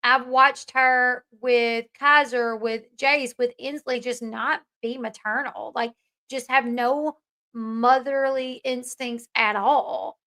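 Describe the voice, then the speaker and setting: A woman chats through casual commentary as a host, opinionated and conversational, answering viewer comments. Her voice is bright and a little high. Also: fairly even intonation, takes it slowly.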